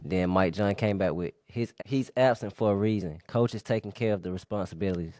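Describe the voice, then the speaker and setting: A man reading listener comments aloud on a podcast in a steady, matter-of-fact way. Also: fairly low pitch, a little fast, no echo, studio quality.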